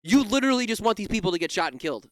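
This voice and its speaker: Very fast and very animated, this high-voiced man rants about video clips in angry political commentary, swearing and stumbling over restarts. The studio-quality audio has no echo.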